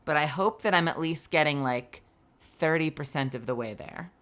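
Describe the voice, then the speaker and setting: A tired woman streamer chatting loosely with her viewers. Her voice is low-pitched for a woman but bright and forceful, and she rambles with frequent giggles and restarts. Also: normal speed. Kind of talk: casual chat with viewers.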